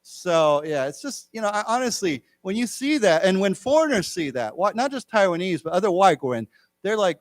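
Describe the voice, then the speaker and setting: Man, middle-aged, English teacher, rambling classroom chat, slightly high voice, dry close sound. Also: moderate pace, no room sound. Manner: chatty, rambling, with animated quoted voices. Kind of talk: casual classroom lecture. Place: lecture room.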